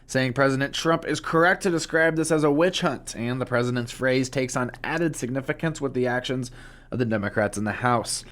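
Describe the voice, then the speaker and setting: A man reporting the news in a measured, formal delivery. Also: medium pitch, fairly bright tone.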